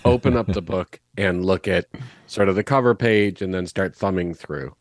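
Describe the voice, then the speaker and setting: A man playing his character in a tabletop game, speaking slowly and deliberately. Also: low-pitched, dry recording. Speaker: player. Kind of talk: tabletop game role-play.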